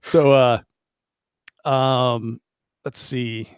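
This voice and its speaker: Relaxed, chatty podcast host, man. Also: mid-range voice, moderate pace, no room sound. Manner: relaxed, chatty, reads live chat aloud. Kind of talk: casual podcast interview.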